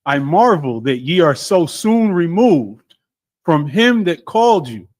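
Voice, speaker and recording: Man, co-host, reads scripture aloud, loud and drawn out, slightly high voice. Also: very animated, measured pace.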